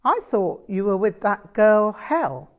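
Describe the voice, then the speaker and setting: A woman voicing a wry woman friend who talks in a crisp, teasing way. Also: mid-range voice, big pitch swings, slow, a little mellow, voice pushed up.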